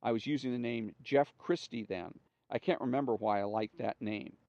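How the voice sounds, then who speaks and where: A man reads a printed interview aloud, giving each speaker's name before their lines. His voice sits at an ordinary middle pitch for a man. The recording is dry and close, with a slightly muffled, lo-fi edge. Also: normal speed, vocal fry, a little mellow, dry recording. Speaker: reader. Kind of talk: reading a magazine interview aloud.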